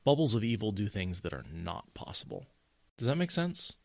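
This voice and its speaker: A man with a fairly low voice in casual podcast chat, animated and quick to mimic characters. The sound is dry and close. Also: gravelly, dry recording. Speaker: podcast co-host. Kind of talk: casual book discussion.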